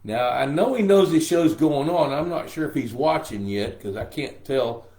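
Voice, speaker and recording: A man's voice: medium pitch, expressive, moderate pace, a little mellow. Older male live-stream host, scratchy throat, folksy and joking, echoey room. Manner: folksy and joking, greets viewers by name. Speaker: pond management show host. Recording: roomy echo.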